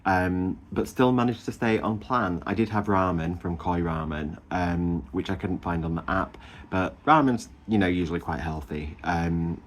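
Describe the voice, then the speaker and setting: A man, chatting casually to camera in a gushing, animated way, full of ums and little laughs. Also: low voice, moderate pace, slight background noise. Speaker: vlogger. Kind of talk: casual chatty weight-loss update.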